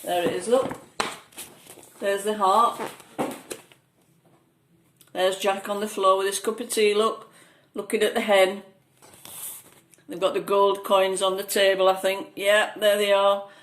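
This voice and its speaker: A woman reading a picture book aloud to a child, gently pointing out the pictures as she goes. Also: medium pitch, little pitch movement, unhurried, long pauses. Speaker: storyteller. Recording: echoey room, faint noise.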